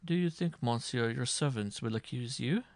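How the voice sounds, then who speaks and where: A man voicing a stern judge who speaks with ominous, measured calm. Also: medium pitch, no room sound, clean studio sound, close to an everyday voice.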